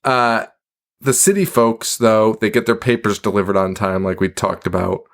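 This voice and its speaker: A man's voice: fairly low pitch, normal speed, fairly bright tone. A man co-hosting a podcast, recapping a movie in casual chat, swearing often, laughing a lot and acting out lines from the film. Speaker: podcast co-host.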